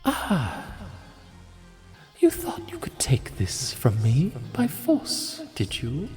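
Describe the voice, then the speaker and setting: A sinister disembodied voice from a tabletop game, as a woman game master puts it on. It is far deeper than her own voice, whispery and soft, and its slow words drip with mockery. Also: huge pitch swings, big-room sound, faint music behind, full character voice. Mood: menacing, mocking. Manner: mocking, hushed, whispery. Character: sinister disembodied voice guarding a book.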